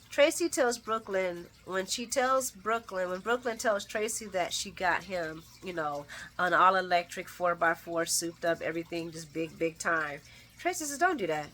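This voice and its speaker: Lively, bright-voiced woman recapping a soap. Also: fairly low pitch. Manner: chatty and expressive, with slangy asides to viewers; laughs often while talking. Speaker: soap opera recap host. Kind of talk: casual recap commentary.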